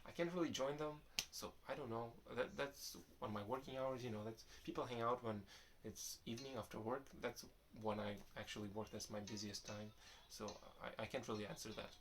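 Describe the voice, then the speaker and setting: A man's voice: medium pitch, a little fast, few pauses, noisy background. A young man casually answering viewer questions in a vlog, rambling and restarting his sentences. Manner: rambling, restarts often, relaxed and candid.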